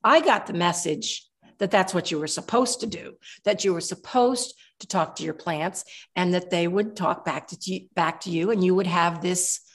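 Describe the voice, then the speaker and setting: A woman in her seventies, a guest herbalist, telling long rambling stories in a relaxed interview, with many restarts. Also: on the low side, normal speed. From Kentucky.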